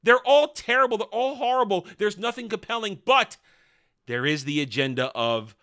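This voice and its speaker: A man's voice: high voice, expressive, moderate pace, fairly bright tone. A man reviewing a TV episode in an opinionated monologue, blunt, sarcastic and dismissive. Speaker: TV show reviewer.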